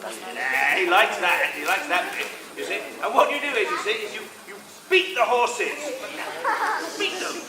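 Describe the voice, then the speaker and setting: A man's voice: high-pitched, big pitch swings, moderate pace. A man performing live comedy, coaxing audience volunteers on stage in a playful, theatrical manner. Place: large indoor sports hall with a live audience. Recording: echoey hall, crowd and noise behind.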